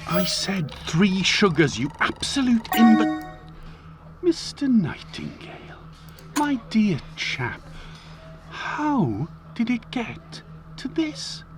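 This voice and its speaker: A man voicing a pompous, menacing upper-class English gentleman with a plummy, sneering voice, dropping into hissing whispers. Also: high-pitched, huge pitch swings, slow pace, over music, pitched above the performer's own voice, heavily acted. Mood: haughty. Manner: swings from bluster to hissing whispers.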